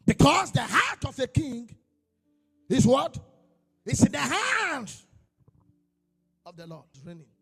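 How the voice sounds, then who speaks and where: A man preaching a sermon as a pastor, moving from quiet storytelling into shouted, chanted exhortation. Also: very high-pitched, wildly swooping pitch, slow, pauses often. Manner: preaching with rising shouts and chanted, sung phrasing. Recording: long hall reverb with faint music.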